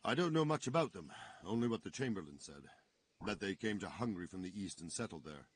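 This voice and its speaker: An actor playing a gruff medieval soldier in a game, with a husky voice and a matter-of-fact manner. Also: male voice, sits low, animated, quick pace, slight background noise. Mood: grim.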